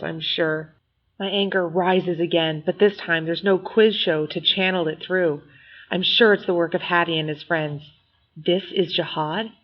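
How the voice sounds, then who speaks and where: An audiobook narrator reads a first-person novel in a somewhat low voice, measured yet expressive. The recording comes across as slightly muffled and lo-fi.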